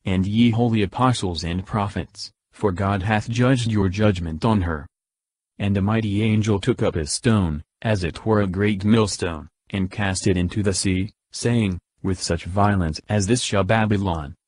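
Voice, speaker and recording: Male scripture reader, low voice, measured delivery, dry close recording. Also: darkish tone, no echo. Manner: slow, measured recitation. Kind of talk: scripted Bible reading.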